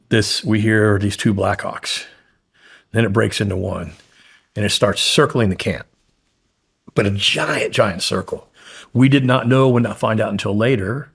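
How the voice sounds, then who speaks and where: A man's voice: lowish voice, breathy edge. A man guest in an interview, blunt and profane, intensely retelling a frightening story.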